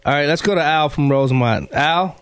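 A man's voice: on the high side, fairly quick, clean tone, dry recording. A man hosting a call-in radio talk show, friendly and agreeable, who sometimes stumbles over his words.

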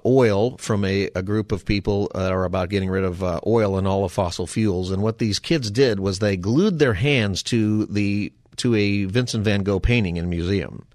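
A male radio talk show host with a low voice, recorded dry and close in a studio. He rambles easily from topic to topic, dropping wry, folksy asides as he goes. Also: no room sound. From Southern California.

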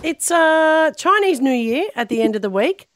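A woman's voice: high-pitched, expressive, moderate pace, no room sound. A woman co-hosting a breakfast radio show, upbeat and chatty. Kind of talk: casual radio chat.

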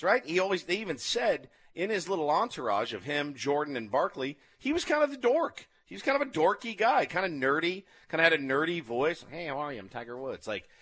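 A man co-hosting a casual chat, retelling a documentary with animated storytelling and acted-out quotes. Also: fairly high pitch. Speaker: podcast co-host.

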